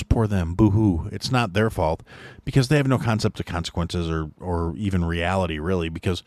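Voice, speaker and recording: A man's voice: mid-range voice, no room sound. Foul-mouthed ranting man, dry close sound. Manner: angry, sarcastic, heavy swearing, mocking whiny voices. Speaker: podcast host. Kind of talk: profane ranting monologue.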